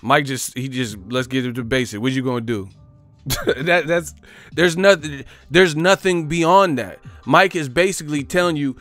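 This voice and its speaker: A man's voice: a little high, normal speed, fairly bright tone, dry recording. Guy hosting a live boxing stream, slangy and swearing, laughs a lot, faint music behind. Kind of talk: casual livestream chat.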